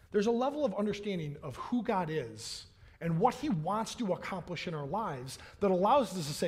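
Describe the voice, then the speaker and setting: A man's voice: high-pitched, expressive, fairly quick. A man preaching a sermon as a pastor in a church, in a conversational way that keeps checking in with "right?" and acts out the voices he quotes.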